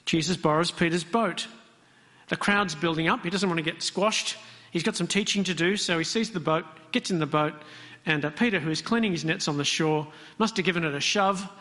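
Male preacher, conversational and questioning, slightly high voice, echoing hall. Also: fairly bright tone. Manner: conversational, asks the congregation questions. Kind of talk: interactive sermon. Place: church hall. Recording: long hall reverb.

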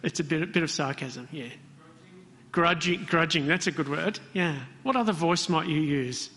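Male preacher, conversational and questioning, slightly high voice, echoing hall. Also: normal speed, a bit bright. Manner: conversational, asks the congregation questions. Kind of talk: interactive sermon. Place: church hall. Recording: long hall reverb.

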